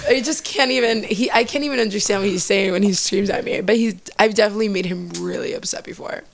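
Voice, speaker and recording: A woman's voice: mid-range voice, fast, creaky. A woman in her early twenties, a guest chatting casually and telling stories, filling her talk with "like". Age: early 20s. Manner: chatty storyteller, fills with "like". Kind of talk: casual interview chat.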